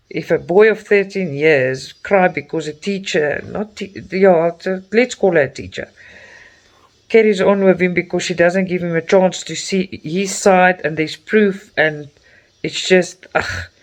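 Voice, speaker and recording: A middle-aged man with a South African accent, a native Afrikaans speaker, chats while he does cross-stitch. He speaks slowly in a slightly raised voice. His talk is warm-hearted and emotional, full of little exclamations. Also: on the high side. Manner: chatty and openly emotional, with frequent exclamations. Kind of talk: casual chat while stitching.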